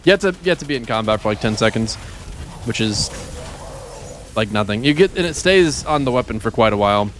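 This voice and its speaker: A game streamer with a medium-pitched, fairly bright voice talks briskly and expressively, wandering into how oddly he says certain words and poking fun at himself as he chats with viewers. A little hiss or hum sits under the audio.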